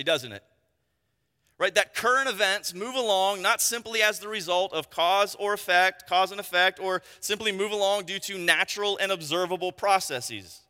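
A pastor preaches emphatically in a high, bright, pushed voice, often tossing a "right?" out to the congregation. The recording carries the long reverb of a big hall.

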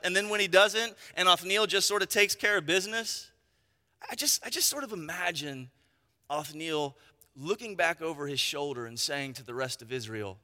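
A man delivers an emphatic sermon in a high, bright voice and keeps checking in with "right?" His words carry a long reverb, as if he is speaking in a large church hall. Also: expressive, normal speed. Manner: emphatic preaching with frequent "right?" asides. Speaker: pastor.

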